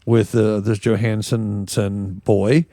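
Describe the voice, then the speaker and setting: With a lowish, warm voice and a level tone, this co-host of a comedy news podcast speaks slowly. The studio-quality audio has no echo, and he tells rambling, joking stories with laughs during casual comedic news chat.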